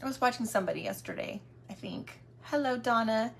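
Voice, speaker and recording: A woman's voice: fairly high pitch, a little fast, vocal fry, fairly bright tone, slight background noise. A woman hosting a craft livestream, chatting in a casual, affectionate and welcoming way. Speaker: craft channel host.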